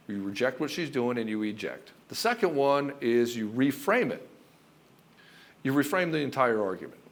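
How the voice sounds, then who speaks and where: A middle-aged man giving relationship advice as a coach, talking forcefully and emphatically and swearing freely. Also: medium pitch. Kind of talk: direct-to-camera advice monologue.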